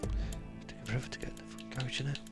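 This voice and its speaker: A man giving excitable, joking live gameplay commentary, swearing a lot. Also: mid-range voice, fast, loud music behind the voice. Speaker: streamer.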